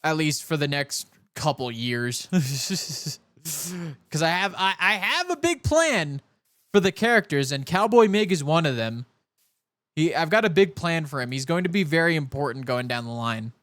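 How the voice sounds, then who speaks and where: Young male streamer from California with a light cowboy drawl, keeps restarting his sentences, voice sits a bit high, dry close mic. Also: expressive, unhurried, fairly bright tone, dry recording. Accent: soft put-on Southern cowboy drawl. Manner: rambling, chatty, self-interrupting. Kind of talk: casual live-stream chat while gaming.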